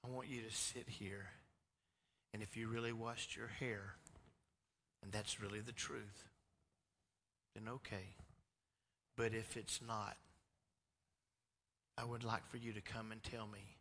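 A man's voice: on the low side, little pitch movement, measured pace, pauses often, big-room sound, slight background noise. A man doing a firm, loving mother. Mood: tender. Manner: scolding, then soft and tender.

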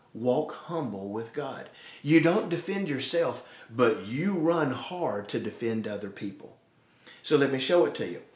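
With a medium-pitched, slightly mellow voice, a male pastor delivers a sermon in which he performs quoted asides as God and as sarcastic people. The recording has a roomy echo.

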